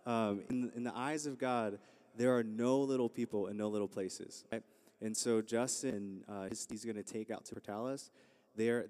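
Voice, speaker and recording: A man's voice: fairly low pitch, darkish tone. A young man introducing speakers at a campus ministry service, telling stories casually with lots of fillers. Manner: rambling, storytelling, many fillers. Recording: long hall reverb.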